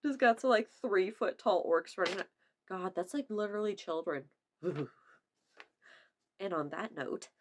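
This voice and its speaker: A woman's voice: medium pitch, a little slow, long pauses. A young woman vlogging casually, laughing often, swearing and putting on playful silly voices. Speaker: vlogger reacting to memes. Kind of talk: casual chat.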